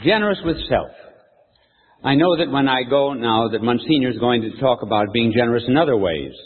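Animated preacher in an echoey hall. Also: male voice, mid-range voice, a little fast, husky. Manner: animated, folksy storyteller who quizzes the audience. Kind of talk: storytelling sermon. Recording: echoey hall, tinny phone-like sound.

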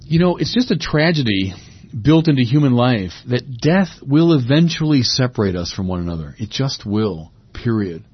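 Male preacher, husky and dry, lo-fi recording; reflective sermon with emphatic swells. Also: mid-range voice, sing-song, normal speed, no room sound.

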